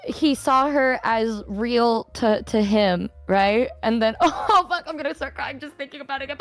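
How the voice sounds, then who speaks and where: A woman's voice: fairly high pitch, unhurried, hardly any pauses, faint music behind. A woman streamer in casual chat, swearing freely and getting emotional as she talks.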